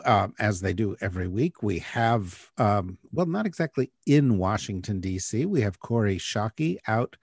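Low-voiced male podcast host. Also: darkish tone, breathy edge, no room sound, clean studio sound. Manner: halting, many fillers. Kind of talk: hosting a podcast interview. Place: New York City.

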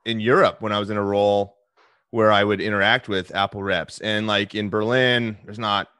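A man's voice: on the low side, steady tone, normal speed, bright, forceful tone, clean tone, no echo, clean studio sound. A man chatting casually as a podcast guest, rambling with lots of restarts and fillers. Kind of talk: casual chat.

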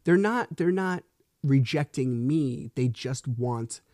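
A man's voice: medium pitch, lively intonation, slow pace, darkish tone, no echo, studio quality. A man in his thirties hosting a solo podcast, telling a story in a frustrated, rambling way with swearing and restarts. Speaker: podcast host.

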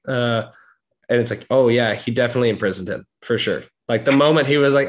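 Casual co-host, man, dry wry delivery, lots of deadpan quoted asides. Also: medium pitch, fast talker. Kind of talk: casual movie chat.

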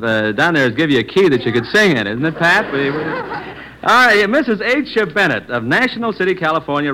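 A man's voice: on the high side, sharp tone. A man hosting a 1940s radio quiz show, jovial and teasing with the children. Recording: noisy vintage radio recording.

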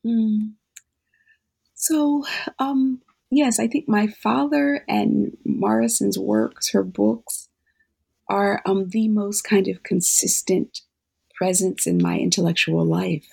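An author and guest answering interview questions in a thoughtful, halting way with many fillers. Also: medium pitch, vocal fry, a little mellow, breathy edge.

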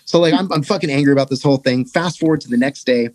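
Fast-talking profane man telling a story. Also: no echo. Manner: animated, profane, acts out quotes in a higher voice. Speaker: podcast guest, touring musician. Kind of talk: casual storytelling.

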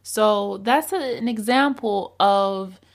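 Woman, young adult, podcast host, casual advice, animated storytelling. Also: mid-range voice, slow. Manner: animated storytelling, acting out quoted lines.

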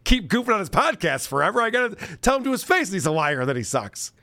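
A man's voice: high-pitched, very animated, fast talker, bright, forceful tone, dry recording. A man hosting a podcast, reading out paid chat messages in a sarcastic, mocking way and laughing often. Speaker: podcast host.

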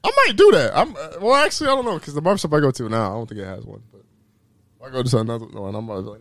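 A young man co-hosting a podcast, telling a story in a lively, animated way, jumping into high voices for the people he quotes and laughing mid-sentence. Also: rapid-fire, no echo. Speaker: podcast co-host. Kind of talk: casual storytelling chat.

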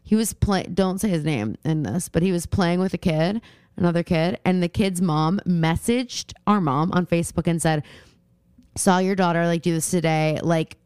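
A woman's voice: on the low side, moderate pace, darkish tone, clear, resonant tone, dry recording, clean studio sound. A young woman co-hosting a casual podcast, telling stories animatedly with lots of fillers and laughs. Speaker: podcast co-host. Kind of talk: casual chat.

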